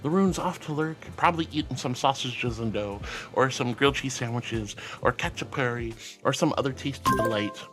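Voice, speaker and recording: A woman's voice: a bass voice, normal speed, loud music behind the voice. A woman streamer chatting casually and affectionately with her viewers, calling them sweetie and honey, often giggling. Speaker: VTuber streamer. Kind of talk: casual livestream chat.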